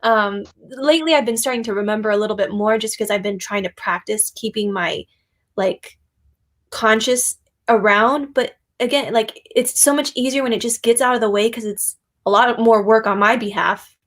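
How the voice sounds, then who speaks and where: A woman's voice: fairly high pitch, normal speed, a bit bright. A woman guest, a psychic and shamanic yoga instructor, talking casually in a chatty storytelling way with frequent laughter and fillers. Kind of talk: casual conversation.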